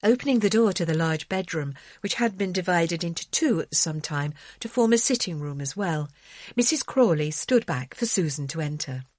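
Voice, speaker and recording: A woman narrating an audiobook with expressive storytelling. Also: on the low side, normal speed, no room sound.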